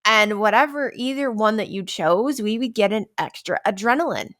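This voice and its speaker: Expressive and a bit bright, this woman's medium-pitched voice keeps a moderate pace while she hosts a relaxed wellness podcast. She acts out routine stressful moments and asks "right?" often.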